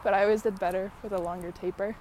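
A woman's voice: mid-range voice, steady tone, rapid-fire, noisy background. Female podcaster, casual and rambly, slightly winded on a walk outdoors. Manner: many fillers, laughs often while talking. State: out of breath walking uphill. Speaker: podcast host.

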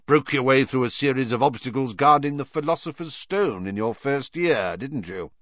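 A man's voice: medium pitch, animated, normal speed, fairly bright tone, no room sound, dull audio, voice pushed up, lightly acted. A man voicing a grizzled, wary old male wizard with a growling voice and a curt, clipped manner. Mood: gruff.

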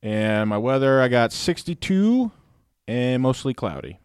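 A man's voice: mid-range voice, sing-song, unhurried, a little mellow, smooth, no room sound, clean studio sound. A man co-hosting a betting podcast, reading out odds and weather in a plain, matter-of-fact way.

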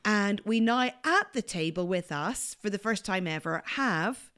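Lively Northern Irish woman podcast host. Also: medium pitch, unhurried. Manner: lively, playful, teaching. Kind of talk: casual faith podcast chat. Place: home office at a table. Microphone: studio microphone.

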